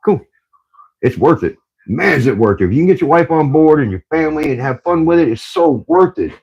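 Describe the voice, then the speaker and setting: A man's voice: a little high, big pitch swings, fairly quick, gravelly, darkish tone, husky, highs cut off. An older man, a grandfather, chatting casually on a livestream and telling rambling stories. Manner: laid-back, rambling storytelling. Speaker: livestream co-host.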